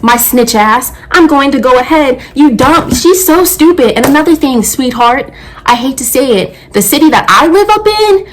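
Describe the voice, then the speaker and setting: A woman in her twenties, a nail technician, telling a story in a blunt, profane, animated rant. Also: fairly high pitch, rough recording. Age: 20s.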